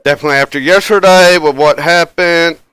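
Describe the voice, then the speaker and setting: A man hosts a live tabletop game stream in a casual, rambling way, laughing now and then and leaning on fillers. His voice is bright and smooth, a little high for a man, and sits dry and close with no room around it. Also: brisk, no room sound. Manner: rambling, chuckles often, many fillers. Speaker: game master and stream host.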